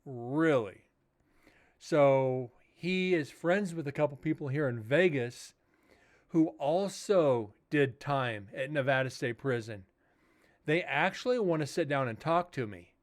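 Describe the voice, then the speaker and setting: A man's voice: a little high, expressive, unhurried. Casual, profane man hosting a stream. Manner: rambling, profane storytelling. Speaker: paranormal investigator and livestream host. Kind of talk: casual livestream chat.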